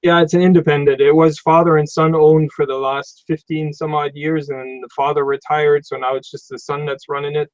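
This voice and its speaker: A middle-aged mechanic with a southern German accent, chatting on a live stream in a slow, hesitant way with many fillers and restarts. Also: male voice, on the high side, level tone, a little mellow, no echo, muffled recording. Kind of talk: casual live-stream chat.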